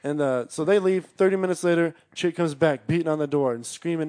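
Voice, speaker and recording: Guy ranting a wild story, swears every other word, yells the quotes, kinda high voice, dead dry sound. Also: brisk, few pauses, dry recording. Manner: rambling, swears constantly, acts out quotes with raised voice. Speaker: storyteller guest. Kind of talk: casual profane storytelling.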